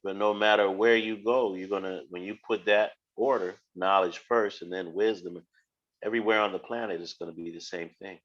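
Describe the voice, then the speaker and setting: Male stream host, blunt and profane, forceful lowish voice, dull dry lo-fi audio. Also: steady tone, fairly quick. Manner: blunt, profane, rhetorical questions. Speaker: live stream host teaching. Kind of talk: casual lecture on a live stream.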